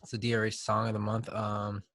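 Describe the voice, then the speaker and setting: Laid-back deadpan podcast co-host man. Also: fairly low pitch, fairly quick, dry recording. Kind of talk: casual chat.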